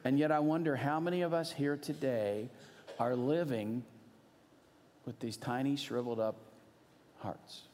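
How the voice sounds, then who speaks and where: Middle-aged male pastor, mid pitch, earnest sermon storytelling, long reverb of a church hall. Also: measured pace, long pauses, a little hiss or hum. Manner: earnest storytelling, swings from animated to hushed.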